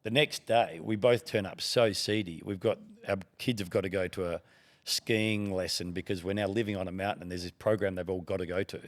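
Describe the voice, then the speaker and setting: A middle-aged Australian man with a low, gravelly voice, spinning long, rambling anecdotes. He talks casually and acts out bits of the conversations he describes. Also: fairly even intonation, fairly quick. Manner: rambling anecdotes with quoted dialogue. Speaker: guest, TV broadcaster. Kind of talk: casual storytelling.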